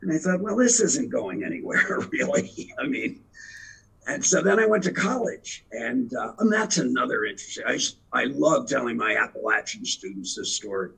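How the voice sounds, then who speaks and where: A man's voice: a little high, normal speed, a bit bright, poor audio. A man in his eighties from the Philadelphia area, a veteran actor telling rambling stories as an interview guest. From Philadelphia area, USA. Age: 80s. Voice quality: gravelly, very raspy. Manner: rambling anecdotal storyteller. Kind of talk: casual storytelling interview.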